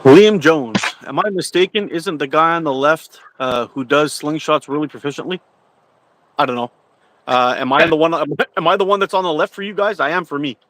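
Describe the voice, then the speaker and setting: A man's voice: fairly high pitch, normal speed, fairly bright tone. A man chatting on a live stream who laughs often and hesitates with many "uh"s. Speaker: livestream co-host. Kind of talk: casual live chat.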